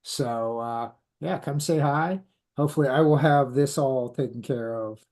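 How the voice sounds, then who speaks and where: A man's voice: mid-range voice, a little slow, a little mellow. A man co-hosting a comics podcast, making casual announcements with fillers. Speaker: podcast co-host.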